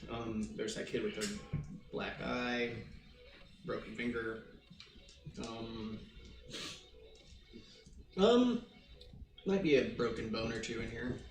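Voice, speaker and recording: A man's voice: medium pitch, flat delivery, a little slow, pauses often, faint music behind. A man acting as game master of a tabletop game, laid-back and hesitant, with many fillers. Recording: roomy distant mic, faint noise.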